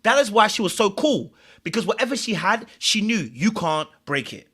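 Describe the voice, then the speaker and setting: A man's voice: high voice, animated, moderate pace, bright, forceful tone, husky. A man hosting a reaction commentary, animatedly explaining body language in clips and repeating phrases for emphasis. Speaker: host and commentator.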